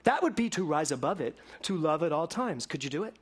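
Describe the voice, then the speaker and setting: A man preaching a sermon to a congregation, swinging between loud emphatic lines and hushed ones. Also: a little high, animated, a little fast, husky. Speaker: minister.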